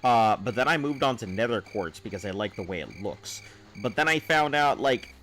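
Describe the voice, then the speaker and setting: A man chats loosely with his stream audience, drifting between thoughts and filling gaps with "uh" and "like". His voice sits fairly low. Faint crickets and insects chirp behind him. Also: expressive, moderate pace, a bit bright, slight background noise. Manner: rambling and offhand, answering chat with fillers. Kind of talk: casual live-stream chat.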